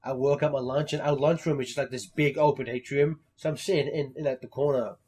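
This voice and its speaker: A young man co-hosting a casual podcast chat, animated and swearing freely, often acting out lines he quotes. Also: mid-range voice, fast, husky. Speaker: podcast co-host.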